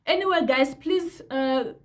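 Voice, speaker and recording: A woman's voice: sits high, a little slow. A young woman talking to her viewers in a heated, indignant way, repeating herself for emphasis. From South Africa. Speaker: vlogger. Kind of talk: casual commentary to camera.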